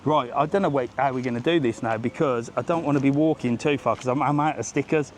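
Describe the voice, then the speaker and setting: A man's voice: mid-range voice, fast, a little hiss or hum. A middle-aged man with a jokey, ranting manner, vlogging live while walking an outdoor seafront, talking into a handheld phone and a little out of breath. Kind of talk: live walking vlog chat. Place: outdoors on a sunny seafront street. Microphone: phone held while walking.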